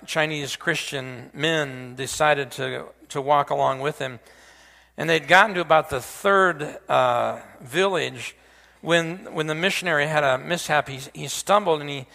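A man's voice: a little high, creaky, pushed and bright, in a large hall. A man preaching a sermon in a folksy way, with joking asides and frequent restarts. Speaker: pastor.

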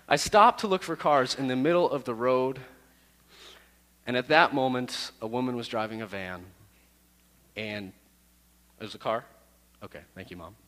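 A man who is a youth pastor, telling a personal story to his youth group in a lively, self-deprecating way. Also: medium pitch, in a large hall.

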